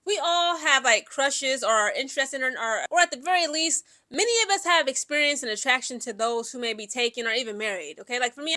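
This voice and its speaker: A young adult woman talks through her opinions, animated and opinionated, with plenty of filler words. Her voice sits high and sounds bright and forceful, with a lively, chatty delivery. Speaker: commentary vlogger. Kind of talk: casual opinion commentary.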